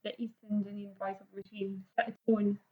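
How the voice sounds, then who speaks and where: Female podcast guest, monotone and understated; lo-fi recording. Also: mid-range voice, normal speed, a little hiss or hum. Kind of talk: casual chat.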